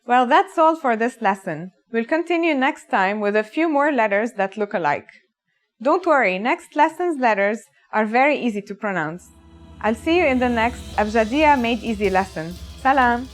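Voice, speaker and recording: This is a woman teaching a scripted lesson, speaking. Her voice sits a little higher than most, and her delivery is upbeat and encouraging as she talks the viewer through each step. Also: lively intonation, moderate pace, soft background music. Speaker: language teacher.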